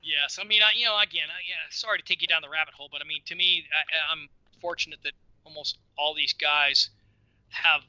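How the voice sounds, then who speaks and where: A man in his sixties, a podcast guest telling stories in an animated, casual way and repeating words as he goes. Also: a little high, fairly quick, no echo, dull audio. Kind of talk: casual storytelling.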